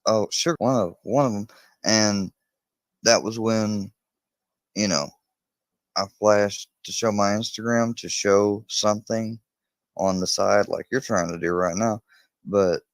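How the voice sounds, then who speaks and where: Man, live stream chat, rambling, slow, gravelly. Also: lowish voice, steady tone, no room sound, poor audio. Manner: rambling, talks to his dog mid-stream.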